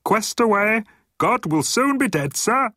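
A man voicing a shrill, nervous male alien gunner who is eager to please. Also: animated, unhurried, pushed and bright, dry recording, clean studio sound, heavily acted.

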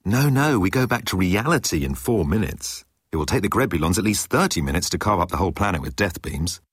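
A brash, excitable male traveller who swings high with every exclamation. A man voices him in his own low, husky tone, recorded close and dry. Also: fairly quick, no echo. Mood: breezy.

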